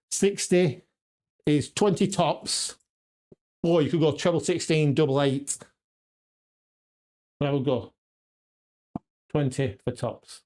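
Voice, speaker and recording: A man's voice: a little high, mellow. A man on a casual live stream, practicing darts and muttering checkout numbers to himself, then chatting with viewers. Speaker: darts vlogger. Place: home darts room.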